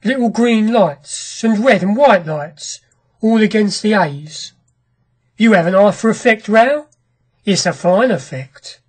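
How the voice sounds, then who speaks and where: A storyteller reads as a restless ironworks master who talks fast and hard, urging his companion along. The voice is husky and sits in a middle pitch. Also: lively intonation. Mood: eager. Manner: brisk, talkative, commanding. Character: ironworks owner, a grim restless man. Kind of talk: audiobook character reading.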